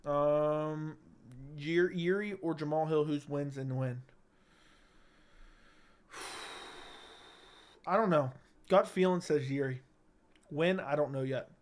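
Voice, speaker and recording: A man's voice: fairly high pitch, takes it slowly, pauses often. Blunt, heated male MMA commentator. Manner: blunt, heated ranting with repeated phrases. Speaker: MMA commentary channel host. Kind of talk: livestream commentary. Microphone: studio broadcast mic.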